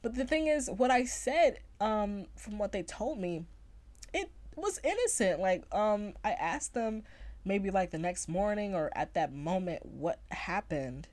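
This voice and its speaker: A woman's voice: mid-range voice, animated, measured pace, a little mellow. A young woman telling a personal story in casual podcast chat, rambling with lots of fillers and restarts. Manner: chatty, rambling, many fillers and self-corrections.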